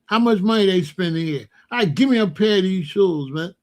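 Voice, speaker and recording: Middle-aged male host, fairly high voice, blunt and profane, casual slang-filled storytelling. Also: lively intonation, fairly quick, darkish tone.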